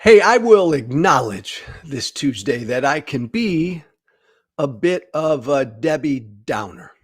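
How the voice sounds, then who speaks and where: A man's voice: medium pitch, very animated, slow pace, husky. A man hosting a political commentary show, talking bluntly and candidly, often repeating words for emphasis. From United States. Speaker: podcast host and political commentator.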